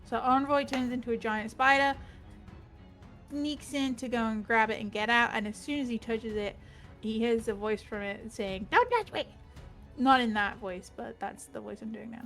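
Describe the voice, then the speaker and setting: A woman's voice: a little high, flat delivery, moderate pace, fairly bright tone, faint music behind. A woman recapping a tabletop game session in casual chat, rambling and swearing freely.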